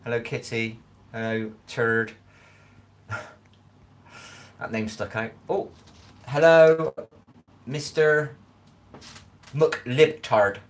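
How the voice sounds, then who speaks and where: This Scottish livestreamer talks extremely slowly, pausing often, in a mid-range, slightly bright voice. He's chatting casually from his home kitchen, wandering off on tangents and regularly asking "do you know what I mean."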